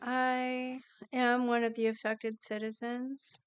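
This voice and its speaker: A woman giving a prepared public comment at a meeting, measured and earnest. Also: fairly high pitch, level tone, clean tone. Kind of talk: prepared statement at a council meeting.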